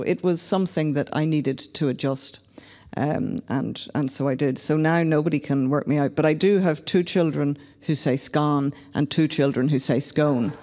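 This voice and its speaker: A woman from Northern Ireland with a deep, mellow voice speaks as a panelist in a panel discussion. She's reflective, candid, and wry, and the recording carries the long reverb of a hall.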